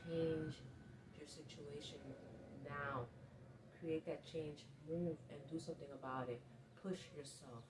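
A woman's voice: deep voice, steady tone, a little slow, noisy background. A woman vlogger giving a motivational talk to camera, emphatic and repeating her key phrases as direct commands. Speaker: lifestyle vlogger.

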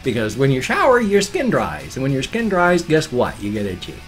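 A man's voice: mid-range voice, huge pitch swings, brisk, faint music behind. A man in his fifties chatting casually in his vlog, rambling and easily sidetracked. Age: 50s. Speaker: vlogger. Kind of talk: casual chat.

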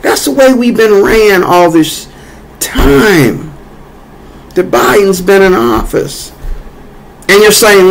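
A man's voice: high-pitched, lively intonation, slow pace, creaky, long pauses, rough recording. An American man delivering a political opinion rant in a rambling, repetitive way, full of fillers and growing heated. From United States. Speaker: vlogger.

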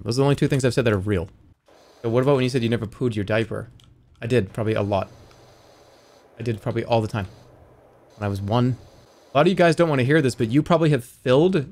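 A man streaming a video game, chatting casually with viewers in a rambling, jokey way. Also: medium pitch. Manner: jokey, rambling, slips into silly voices. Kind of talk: casual livestream chat while gaming.

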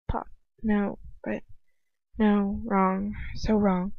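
A woman's voice: medium pitch, little pitch movement, a little slow, gravelly, no echo, muffled recording. A woman reading a first-person story aloud casually, sometimes stopping to comment on the text. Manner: casual, breaks off to comment and laugh. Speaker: fanfiction reader.

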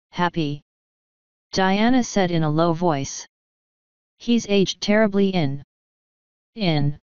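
A woman narrates a mystery audiobook at an unhurried pace, her voice lowish and remarkably smooth and clear. The recording is dry and close, with a slightly muffled, lo-fi tone. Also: a little mellow, dry recording. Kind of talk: scripted narration.

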